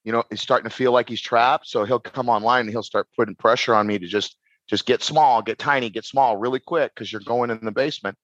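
Rambling, animated man with a dry sound. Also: medium pitch, fairly quick, dry recording, highs cut off. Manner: rambling, repeats words and restarts, animated. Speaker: podcast guest, shadow work practitioner. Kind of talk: casual podcast conversation.

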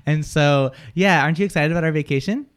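A man's voice: on the high side, quick pace, smooth. A man co-hosting a live morning radio show, joking and teasing his co-host in casual banter. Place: radio studio.

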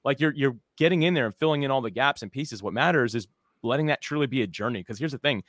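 A man's voice: medium pitch, expressive, fast, fairly bright tone, no echo, clean studio sound. A man giving podcasting advice in a casual chat, upbeat and a bit teasing.

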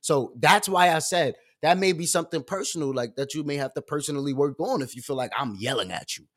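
A man hosting his own live stream, talking in an animated, loud and expressive way with casual slang and lots of fillers. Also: a little high, brisk.

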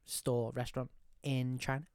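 A man's voice: medium pitch, level tone, normal speed, darkish tone, smooth, dry recording, studio quality. A man co-hosting a podcast, joking and asking quiz questions. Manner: jokey, fond of silly impressions. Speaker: podcast co-host and quizmaster. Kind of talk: casual chat.

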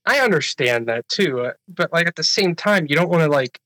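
A man's voice: on the high side, expressive, brisk, pushed and bright, dry recording, poor audio. A man in casual chat, earnest and agreeable, often restarting his sentences. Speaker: paranormal investigator.

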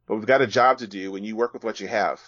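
A man voicing a bold, restless young woman who pilots a robot, with a quick, teasing delivery. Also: fairly low pitch, fairly bright tone, dry recording. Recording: dull, dry sound.

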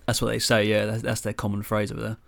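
Swearing young man, lower voice. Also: monotone, fast, gravelly. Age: 20s. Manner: swears freely, jokey banter. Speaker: podcast co-host. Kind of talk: casual chat.

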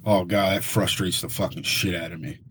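A man's voice: deep voice, steady tone, brisk, a bit bright, breathy edge. A man co-hosting a podcast in casual chat, opinionated and swearing when he gets frustrated. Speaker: podcast co-host.

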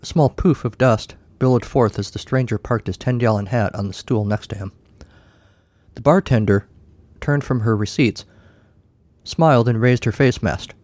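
A man's voice: mid-range voice, normal speed, a little mellow, no room sound. Man reading a comic tale wryly. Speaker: narrator. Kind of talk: comic short story reading.

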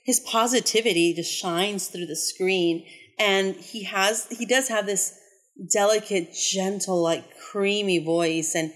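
A woman's voice: mid-range voice, slow pace. Chatty woman retelling a film plot. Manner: rambling plot retelling with many fillers. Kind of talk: casual movie chat.

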